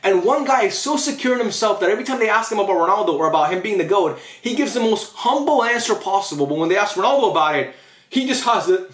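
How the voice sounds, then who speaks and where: A man's voice: sits high, animated, fast talker, fairly bright tone, echoey room. A young man giving a blunt, opinionated football rant to camera for his channel, often saying "bro". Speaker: YouTube football commentator.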